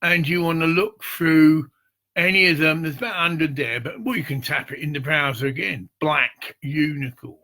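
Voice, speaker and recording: A man giving a rambling, informal pitch for a charity promotion project, swearing freely and checking in with "see?" and "get it?". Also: moderate pace, pushed and bright. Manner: meandering, profane, repeats "see" and "get it".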